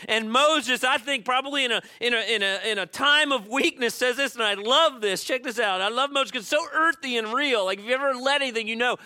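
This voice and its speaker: A man preaching a sermon as pastor, telling a story in an animated way and acting out the voices he quotes. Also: very high voice, no echo. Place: church.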